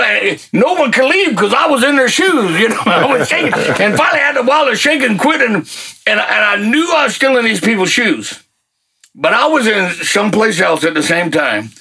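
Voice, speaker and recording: An older man telling a personal story in a folksy, animated way, with colloquial grammar. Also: sits high, slightly rough. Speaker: guest telling a testimony. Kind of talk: casual storytelling.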